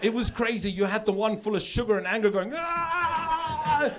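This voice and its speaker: A middle-aged man from South Africa doing a stand-up comedy set on stage, chatty and loose, with sudden shouted punchlines. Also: high-pitched, fairly even intonation, fast talker, very noisy. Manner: conversational, with filler repeats and sudden shouted punchlines. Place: comedy stage with a live audience. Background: audience laughter.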